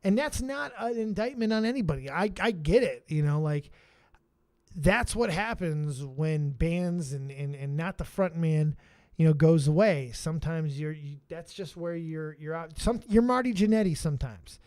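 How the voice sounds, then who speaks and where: Excitable high-voiced man streaming live. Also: moderate pace. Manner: excitable, shouts names from chat, swears. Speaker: streamer and show host.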